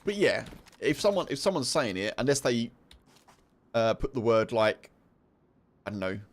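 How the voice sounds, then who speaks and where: A man's voice: mid-range voice, very animated, normal speed. Chatty British man streaming. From United Kingdom. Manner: chatty, explains slang to chat. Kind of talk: casual livestream chat.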